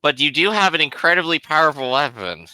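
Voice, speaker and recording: Playful tabletop player guy, super bright smooth voice, dry sound. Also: a little high, very animated, fairly quick, no room sound. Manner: playful, chuckling, describes his character's moves. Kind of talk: casual tabletop play.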